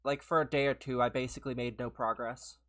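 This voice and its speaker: Slightly hoarse, chatty gaming streamer. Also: medium pitch, level tone, quick pace, fairly bright tone. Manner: chatty, laughs often, greets viewers by name. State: slightly hoarse from a recent illness. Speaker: gaming livestreamer. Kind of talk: casual live-stream chat while playing.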